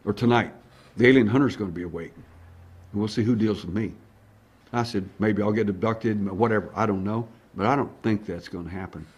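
A man who investigates alien abduction cases, telling a story in an animated way and acting out the dialogue. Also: fairly low pitch, fairly quick, slightly rough. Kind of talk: storytelling monologue.

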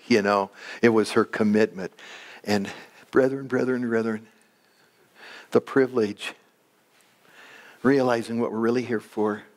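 A man, a pastor, preaching a sermon in a church. He talks with animation, climbing high when excited, and drops soft, slow and low when he prays.

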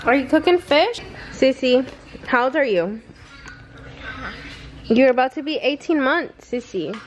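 A woman's voice: high-pitched, animated, a little slow, faint music behind. A woman filming her children at home, talking to them in a sing-song baby voice and laughing often. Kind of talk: casual family vlog.

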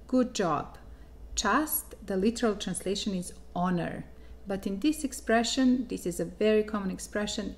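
Serbian-born woman teaching a language. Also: medium pitch. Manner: patient, explains slowly and clearly. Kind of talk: online language lesson.

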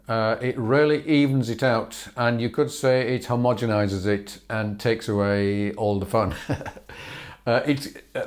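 A man teaching a fiddle lesson, explaining patterns in an easy, chatty way with small laughs and fillers. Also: mid-range voice. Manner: relaxed, explanatory, chuckles and fillers, counts bows aloud. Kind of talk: instructional lesson.

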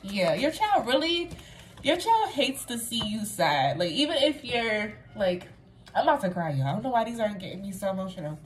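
A woman's voice: fairly high pitch, sing-song, moderate pace. Chatty woman giving a tarot reading. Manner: rambling, chatty, fills speech with "like"; earnest, affirming, addresses viewer directly. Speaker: tarot reader. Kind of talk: casual pick-a-card tarot reading to viewers.

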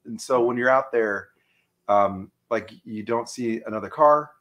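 A man's voice: medium pitch, measured pace, a bit bright. Man, guest, casual chat, easygoing, hesitant, mid voice.

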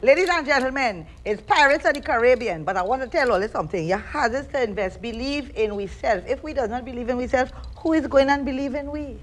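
A woman's voice: high-pitched, animated, fairly quick, few pauses. A woman with a Trinidadian accent, a show host talking in a casual interview and tagging nearly every point with "you understand?" in Creole grammar. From Trinidad and Tobago.

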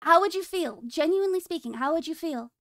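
A woman's voice: very high-pitched, expressive, brisk, fairly bright tone. A woman streaming casually, teasing and joking with her chat and laughing often.

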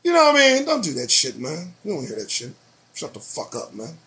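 A man's voice: a little high, huge pitch swings, brisk, pushed and bright. A man hosting his own show, reading news headlines aloud and reacting to them with profane, sarcastic commentary. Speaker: show host.

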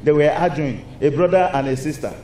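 A man with a Nigerian accent preaching a lively sermon in a church, asking the congregation rhetorical questions. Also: a little high, a little fast. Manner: animated, call-and-response preaching with rhetorical questions. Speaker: pastor. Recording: echoey hall with faint noise.

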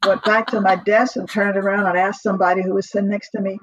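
Husky middle-aged woman telling stories. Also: mid-range voice, fast, dry recording, rough recording. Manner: lively, laughs often, acts out her own quotes. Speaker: podcast guest. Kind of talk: casual storytelling interview.

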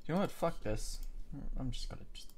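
A man's voice: medium pitch, animated, fairly quick, a little mellow, slight background noise. A man muttering casual commentary while he edits a video at his computer, often swearing in frustration, recorded on a camera mic indoors. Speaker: video editor.

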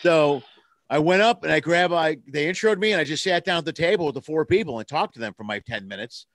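A man's voice: fairly high pitch, expressive, fairly bright tone, a little hiss or hum. A man who is a comedian hosting a casual chat, telling stories over a video call. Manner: fast, storytelling. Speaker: comedian host.

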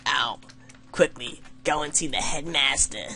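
A man's voice: medium pitch, a little slow, creaky, bright, forceful tone, full character voice. A young man voicing a helpful male village dweller in a video game, with a stilted, formal way of talking. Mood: stiff.

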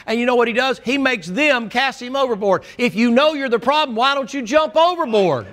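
A pastor delivers a folksy, animated sermon in a notably high-pitched voice for a man. He tells the story with plenty of colorful turns. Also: moderate pace, hardly any pauses.

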